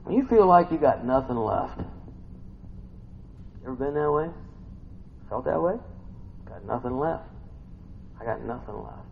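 A gravelly-voiced man preaches a sermon, swinging between near-whispered asides and sudden loud bursts. His voice sits at a middle pitch. The recording is dull and lo-fi, with a faint hiss of noise underneath. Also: lively intonation, a little slow, pauses often. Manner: swings from hushed asides to loud exclamations, muses with hums. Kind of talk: sermon reading and expounding scripture.

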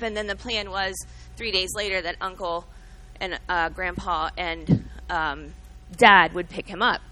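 A woman's voice: mid-range voice, pushed and bright, low-quality recording. A middle-aged woman giving an earnest, emotional sermon-style talk, telling a story and teaching from the Bible, calling out to listeners by name. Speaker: speaker at a church gathering.

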